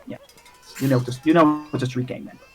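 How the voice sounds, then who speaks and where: A man's voice: mid-range voice, fairly even intonation, fast talker, soft background music, rough recording. Rambling male game master. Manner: rambling, many fillers and restarts. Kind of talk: tabletop game narration.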